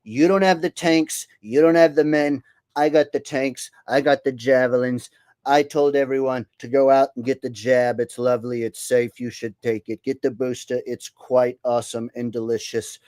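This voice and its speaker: A man's voice: medium pitch, fairly even intonation, normal speed, a little mellow, dry recording, natural voice. A man putting on the voice of a boastful older president who rambles and keeps saying "all right?". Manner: repeats "all right?", brags and boasts, mocking. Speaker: host doing an impression. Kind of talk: comedic impression.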